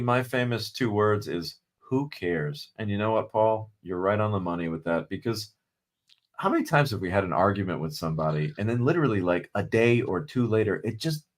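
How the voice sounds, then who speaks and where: A man hosting a podcast, talking bluntly and casually, calling listeners brother. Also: fairly low pitch. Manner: blunt, conversational, calls people brother. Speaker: podcast host.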